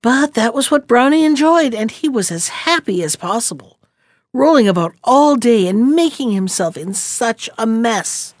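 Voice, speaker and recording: A woman reads a children's storybook aloud in a measured, expressive way. Her voice sits at an ordinary pitch, and the sound is dry and close. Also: dry recording. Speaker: narrator. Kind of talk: storybook reading.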